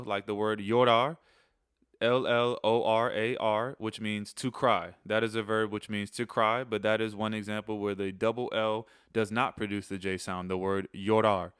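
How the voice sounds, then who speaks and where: A man hosting a casual spoken lesson, relaxed, repeating key phrases slowly between chatty asides. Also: on the low side, clean tone, no room sound, studio quality. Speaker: channel host teaching phrases.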